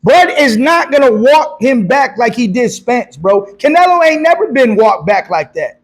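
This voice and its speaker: A boxing coach in a heated casual debate, his voice sitting notably high for a man. He presses his point with repeated buts and cuts in often, swearing freely as he argues. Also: very animated, moderate pace. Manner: emphatic, argues in bursts with repeated buts and profanity.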